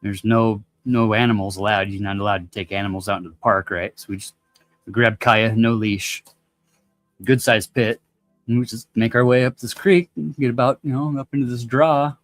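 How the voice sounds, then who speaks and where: A man's voice: lowish voice, steady tone, moderate pace, dry recording, soft background music. A man telling a long story in casual chat, laid-back and slangy, swearing freely.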